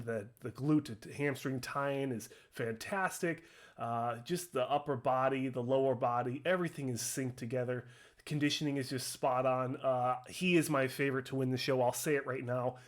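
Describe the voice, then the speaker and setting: A young man commentating on contest footage in a casual, excited way, out of breath and full of fillers. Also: mid-range voice. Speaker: bodybuilding commentator.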